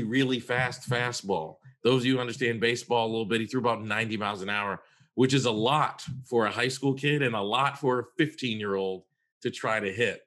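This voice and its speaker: A man's voice: medium pitch, fairly bright tone. An earnest man in a mid-range voice, talking as a therapist on a podcast. He tells his story conversationally and leans on repeated words for emphasis.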